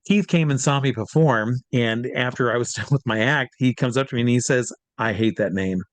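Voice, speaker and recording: A man's voice: medium pitch, brisk, no room sound. A man in casual interview talk, rambling with lots of fillers and restarts, and acting out the voices of people he quotes. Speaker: guest performer.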